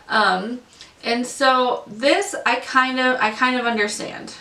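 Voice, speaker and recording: Woman vlogger on a fed-up unboxing rant, fairly high voice, sitting back from the mic. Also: steady tone, takes it slowly, sharp tone, echoey room, recorded from a distance. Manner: ranting, exasperated, frequent fillers. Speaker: beauty vlogger. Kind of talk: casual unboxing review.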